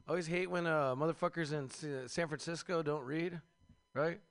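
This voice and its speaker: A man's voice: a little high, steady tone, moderate pace. A man in his thirties from the Seattle area doing a crude, rambling stand-up comedy set. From Seattle area, USA. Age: 30s. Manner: crude, rambling, profane jokes with "man" and "you know".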